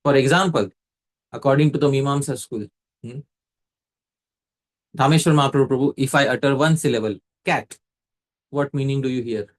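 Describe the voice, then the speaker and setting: A man's voice: medium pitch, moderate pace, long pauses. A man leads a scripture class, explaining step by step and quizzing a student by name. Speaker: facilitator teaching a scripture class. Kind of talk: explanatory lecture.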